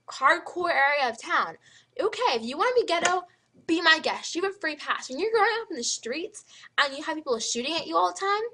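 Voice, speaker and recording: A teenage girl ranting to camera in a vlog, emphatic and animated, with lots of "like" fillers. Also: extremely high pitch. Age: teens. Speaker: high school student vlogger.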